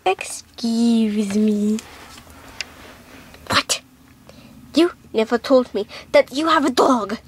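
A woman's voice: fairly high pitch, drawn-out words, long pauses, slight background noise. A woman making a doll show, doing every character in playful switching voices, recorded at home. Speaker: doll video maker voicing all characters.

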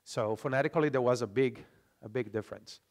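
A man's voice: mid-range voice, fast talker. A man from Brazil with a Brazilian Portuguese accent, presenting a language talk in English to an audience and often checking in with "okay?". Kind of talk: conference talk explaining slides. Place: lecture room.

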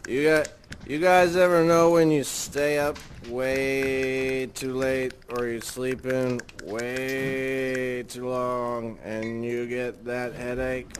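A hungover man chatting casually with friends in a rambling, drawn-out way, full of sighs and oh's. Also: mid-range voice, little pitch movement, a little hiss or hum. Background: music.

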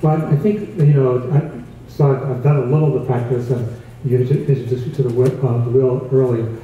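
A man with a dark, mellow voice answers slowly and hesitantly, with fillers and restarts. He sounds far from the mic, and the sound is dull and muffled. The room is very echoey, with faint ambient noise. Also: mid-range voice, steady tone. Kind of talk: casual conversational reply. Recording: dull, roomy, distant mic.

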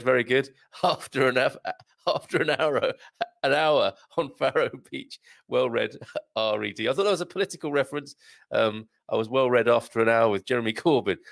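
Chatty male livestream host, gravelly voice. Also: mid-range voice, dry recording, studio quality. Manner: chatty, hesitant, laughs often, many fillers. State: strained throat. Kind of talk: casual livestream chat reading comments.

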